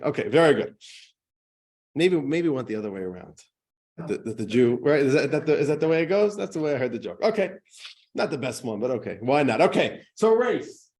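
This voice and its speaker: A man, a rabbi, giving a casual lecture to a class, chatty and joking, his pitch jumping up to stress points. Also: sing-song, fast, darkish tone. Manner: chatty, jokey, pitch jumps up for emphasis.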